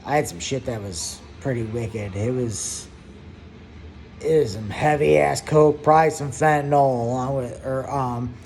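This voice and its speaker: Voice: mid-range voice, measured pace, darkish tone, a little hiss or hum. A vlogger in their thirties telling a long personal story in a casual, profane, rambling way, with hummed asides.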